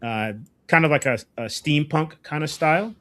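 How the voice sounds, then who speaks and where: A man in a casual comic book chat, calmly explaining. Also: fairly high pitch, normal speed.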